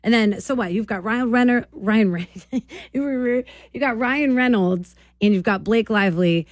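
A brash woman radio host from New Jersey on a morning show, joking and laughing easily. Her voice sits a bit high, and the studio mic sounds dry and close. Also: measured pace, dry recording.

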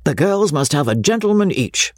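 A man voicing a jovial, teasing older gentleman who mocks his son, in a breathy, lifted voice. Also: fairly high pitch, sing-song, moderate pace, dry recording, studio quality, voice pushed up. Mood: wry. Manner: mocking, bantering.

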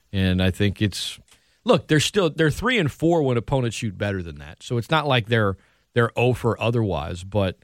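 A man hosting sports talk radio in casual chat, animated and laughing often. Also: lowish voice, dry recording, clean studio sound.

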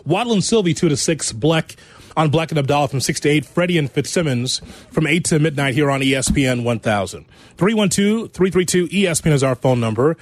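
A man's voice: fairly high pitch, expressive, a little fast. A man co-hosting a sports talk radio show in a studio, upbeat, laughing easily and reading station promos. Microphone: studio mic.

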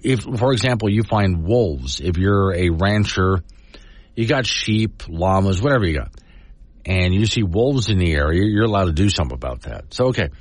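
Low-voiced man with lively talk-radio delivery. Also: moderate pace, no echo. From Wyoming. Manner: folksy, argumentative, reads news quotes aloud. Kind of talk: opinionated talk radio commentary.

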